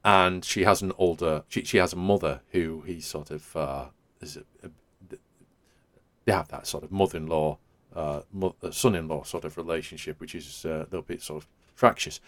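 A man's voice: a bass voice, fairly even intonation, normal speed, a bit bright. A man, hosting a podcast in casual chat and rambling hesitantly with many hedging fillers. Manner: rambling, hesitant, full of "sort of" hedges. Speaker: podcast host.

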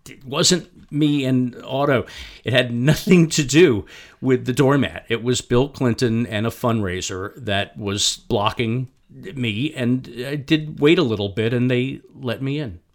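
Middle-aged male storyteller, mid-range voice, halting delivery with frequent restarts. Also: mid-range voice. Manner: halting, repeats and restarts words. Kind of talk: personal storytelling.

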